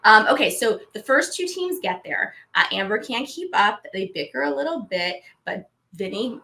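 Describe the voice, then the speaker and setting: A woman co-hosting a podcast, recapping episodes in chatty, animated casual talk. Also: on the high side, normal speed, vocal fry. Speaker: podcast co-host. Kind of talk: casual chat.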